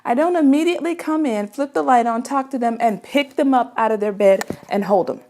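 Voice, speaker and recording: A woman's voice: fairly high pitch, brisk, a little mellow, a little hiss or hum. A woman, a mother, giving parenting advice in an earnest, conversational way, often checking in with the listener. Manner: earnest and conversational, with frequent "right?" asides. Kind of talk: casual advice talk.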